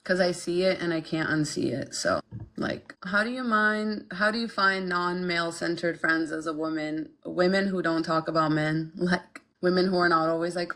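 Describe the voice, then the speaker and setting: Young female streamer, low-ish voice, frank and blunt, casual chat with viewers. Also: moderate pace, a bit bright. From Ukraine. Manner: frank, blunt, filler-heavy, lots of "like". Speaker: podcast host reading chat.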